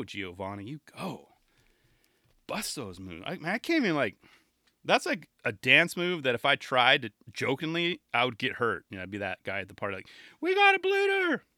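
Man, solo podcast host, casual rambling chat, enthusiastic, bright edgy tone, dry close recording. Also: mid-range voice, dry recording. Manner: rambling, enthusiastic, self-interrupting.

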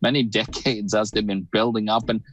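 A man co-hosting a casual live-stream talk over a video call, animated and full of fillers. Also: on the low side, fairly quick, a little hiss or hum, rough recording. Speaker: co-host.

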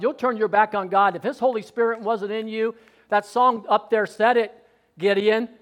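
High-voiced fervent male preacher. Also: normal speed. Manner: fervent, swings from loud exhortation to quiet asides. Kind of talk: sermon.

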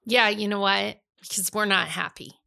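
A woman's voice: mid-range voice, fairly even intonation, moderate pace, vocal fry, pushed and bright. A middle-aged woman from Iowa, co-hosting a casual podcast chat, blunt and fired up, swearing freely. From Iowa, United States. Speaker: podcast co-host, bookstore owner.

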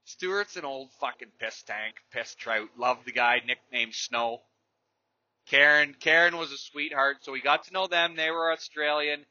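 A man's voice: a little high, a little slow, sharp tone, dry recording. A man hosting a podcast, telling stories and ranting bluntly and profanely in a rambling, casual way. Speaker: podcast host. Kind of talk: casual storytelling rant. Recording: dry, slightly dull lo-fi recording.

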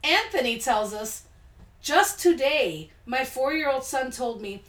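A woman's voice: high-pitched, expressive, normal speed, fairly bright tone. A woman hosting a casual podcast, reading listener stories aloud and reacting with blunt, laid-back asides. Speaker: podcast host. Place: home studio room. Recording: echoey room.

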